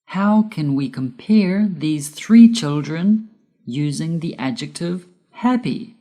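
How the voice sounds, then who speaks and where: A woman whose first language is Spanish, reading a scripted grammar lesson slowly and deliberately, spelling out letters and stressing key words. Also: low voice, lively intonation, mellow. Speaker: English teacher.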